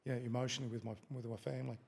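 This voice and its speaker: Racing through his words in a flat, creaky voice that is medium-pitched, slightly rough and a little mellow, a middle-aged Australian man tells a story. He's a former fighter guesting on a podcast, swearing freely and acting out quotes in a casual interview.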